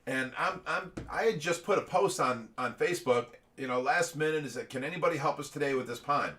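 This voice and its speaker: A man's voice: a little high, fairly quick, bright, forceful tone. A man co-hosting a casual livestream, telling a story with lots of laughter and acted-out quotes. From Ohio. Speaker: livestream co-host.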